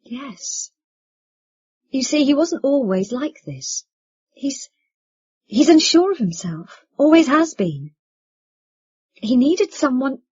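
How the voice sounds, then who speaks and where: A weary thirty-seven-year-old mother, as a woman reads her, speaking softly, hesitant and subdued. Her voice is husky. The sound is dull and lo-fi. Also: high voice, very animated, slow pace, pauses often, voice pushed up, heavily acted. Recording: dull lo-fi recording.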